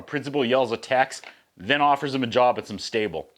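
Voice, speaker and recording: A man hosts a casual movie review, retelling the plot with sarcastic, wry asides. His voice sits at a middle pitch for a man, and his tone stays conversational throughout. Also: animated, fairly quick, fairly bright tone. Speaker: host.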